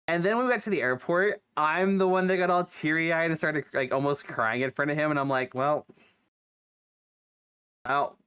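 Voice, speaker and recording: A man's voice: a little high, moderate pace, fairly bright tone, smooth. A young man who is sick with a cough, chatting casually on his stream, rambling with lots of fillers and restarts. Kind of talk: casual chat.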